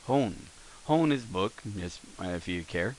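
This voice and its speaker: Male teacher, low-pitched, casual rambling lesson delivery, lots of fillers and restarts. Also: lively intonation, a little slow, slight background noise, rough recording. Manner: rambling, self-correcting explanations with many fillers.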